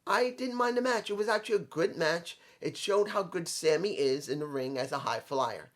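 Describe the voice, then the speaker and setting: A man's voice: fairly high pitch, animated, normal speed, fairly bright tone. A man from New York with a New York accent, giving an opinionated, rambling wrestling recap in a casual, blunt way. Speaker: wrestling commentator.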